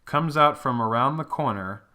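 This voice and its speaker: Ranting about a movie on his own, a young man curses, rambles, and laughs a lot between gripes, now and then slipping into over-the-top impressions. He speaks at normal speed in a mid-range voice that sounds pushed and bright.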